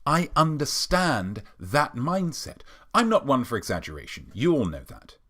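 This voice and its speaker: A man's voice: mid-range voice, wildly swooping pitch, moderate pace, fairly bright tone. A British man hosting a weekly live show alone, delivering a sarcastic, mock-smug comedic monologue. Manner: sarcastic, mock-smug, playfully self-aggrandizing.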